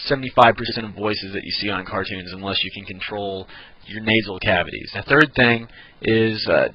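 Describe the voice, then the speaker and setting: A man giving a casual video lesson on cartoon voices, relaxed and full of ums and uhs. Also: on the low side, no echo, dull audio. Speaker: voice impression tutor.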